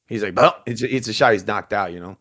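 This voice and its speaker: A man's voice: lowish voice, fast, a bit bright. A man co-hosting a casual boxing podcast, blunt and teasing with a joking edge. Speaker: podcast co-host.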